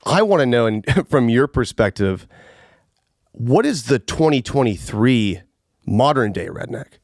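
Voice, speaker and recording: A man from Atlanta hosting a podcast in a studio, relaxed and laughing easily. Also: mid-range voice, a little slow, no room sound. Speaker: podcast host. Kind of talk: podcast intro and casual interview.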